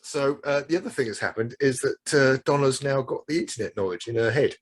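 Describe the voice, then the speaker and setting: A man's voice: mid-range voice, brisk, breathy edge, faint music behind. A man co-hosting a podcast, agreeably recapping the story and chiming in with yeahs. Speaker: podcast co-host. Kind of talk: casual chat.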